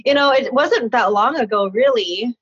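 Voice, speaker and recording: Woman in her 30s, kinda high breathy voice, animated storyteller, dull dry audio. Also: moderate pace, dry recording. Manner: candid, animated, laughs often, quotes others in dialogue. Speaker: interview guest. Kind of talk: personal storytelling in an interview.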